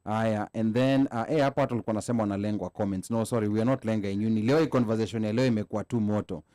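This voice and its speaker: A Kenyan man with a Nairobi accent chats casually on a panel show, mixing English and Swahili as he reads out viewer comments. He laughs often and restarts his sentences, his lowish voice steady and mellow but very fast.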